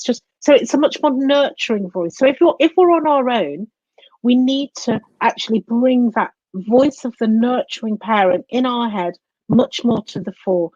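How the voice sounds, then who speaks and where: A woman being interviewed as a coach and psychotherapist, explaining in an animated way and acting out the inner voices she describes. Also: on the high side, normal speed, no room sound, lo-fi sound.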